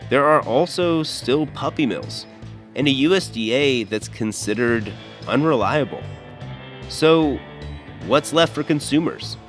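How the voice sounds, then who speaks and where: A man hosting a podcast, reading scripted investigative narration in a measured, earnest way. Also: mid-range voice, animated, faint music behind. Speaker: podcast host and reporter.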